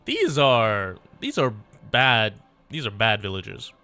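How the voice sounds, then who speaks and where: A man reading as a gruff defensive farmer. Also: lowish voice, wildly swooping pitch, slow pace, pushed and bright, dry recording, faint music behind, exaggerated voice. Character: defensive male farmer villager, rough-talking.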